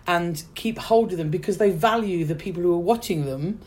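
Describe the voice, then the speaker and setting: A woman's voice: fairly low pitch, brisk, a little mellow. A middle-aged woman, an actress telling stories in a casual interview. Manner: chatty storyteller, many restarts. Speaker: actress guest.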